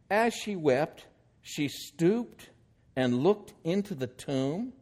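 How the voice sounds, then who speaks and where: A man's voice: on the high side, darkish tone. A man preaching a sermon, reading scripture aloud and then explaining it with growing emphasis.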